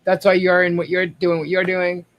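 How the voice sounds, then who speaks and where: High-voiced rambling man. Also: completely flat delivery, normal speed, dull audio. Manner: rambling, restarts, addresses viewers. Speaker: guest. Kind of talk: casual livestream chat.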